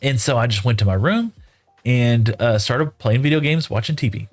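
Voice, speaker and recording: A man's voice: mid-range voice, lively intonation, moderate pace. Middle-aged man, game streamer, chatty folksy storyteller, light music underneath. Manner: folksy, rambling, lots of "you know" and "right?". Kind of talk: casual storytelling while gaming.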